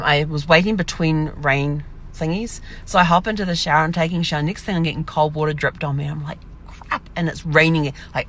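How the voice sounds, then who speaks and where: A woman's voice: deep voice, a bit bright, a little hiss or hum. A woman telling a rambling, casual diary vlog from her camper, acting out her own remarks as she goes. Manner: rambling storyteller, acts out her own quotes. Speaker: vlogger.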